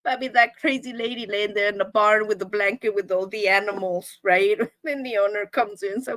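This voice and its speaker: A woman's voice: medium pitch, fairly even intonation, brisk, hardly any pauses, a bit bright, no echo. A middle-aged woman, hosting a weekly live show and chatting casually with viewers, laughing between nearly every line.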